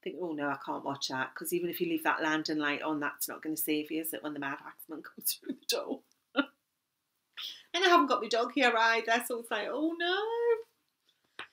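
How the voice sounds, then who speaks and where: A woman's voice: fairly low pitch, expressive, brisk, pushed and bright. A woman in her fifties with a Geordie accent, chatting casually and rambling to camera as a knitting vlogger, laughing easily.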